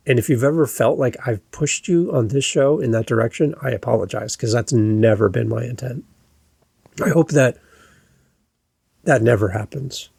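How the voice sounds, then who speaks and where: A man hosts a solo podcast in a gravelly, slightly husky voice. He speaks earnestly and reassuringly, as if talking one to one with the listener. The recording is dry and close, with faint music underneath. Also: medium pitch, darkish tone, no echo. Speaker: podcast host.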